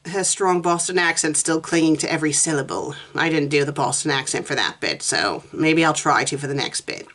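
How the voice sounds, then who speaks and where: A woman's voice: deep voice, a little fast, fairly bright tone. A woman reviewing fanfiction, reading a story aloud with dry, sarcastic asides and putting on a haughty posh voice for the wife.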